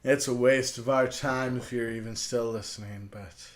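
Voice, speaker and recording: A man's voice: medium pitch, steady tone, normal speed. A man hosting a show, delivering a profane, mocking roast with crude jokes and stammered restarts. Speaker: show host.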